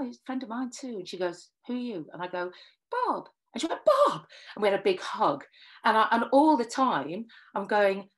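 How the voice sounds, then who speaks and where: A middle-aged woman from Northwest England, a singer telling animated anecdotes and acting out the dialogue. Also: mid-range voice. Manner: lively storyteller, acts out quoted dialogue. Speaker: singer and writer giving a talk.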